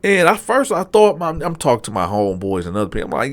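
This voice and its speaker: Animated man telling a prison story. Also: moderate pace, few pauses. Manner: animated, acts out other inmates in loud raised voices; drops to a low, hushed tone for asides. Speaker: storyteller, channel host. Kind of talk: casual storytelling to camera.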